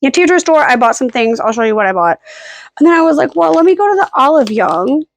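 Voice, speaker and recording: A woman's voice: high voice, very animated, fast. Rambling young-sounding woman vlogging. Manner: rambling, self-deprecating, with frequent "like" and "um" fillers. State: hiccuping and burping. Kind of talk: rambling casual vlog. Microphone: camera held at arm's length.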